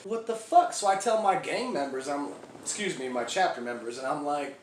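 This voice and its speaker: A man's voice: a little high, expressive, moderate pace, natural voice. An actor playing a crude, foul-mouthed male biker gang member who rambles through a comic monologue in an echoey room. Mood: crude ranting. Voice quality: profane, rambling storyteller. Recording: echoey room, faint background hiss.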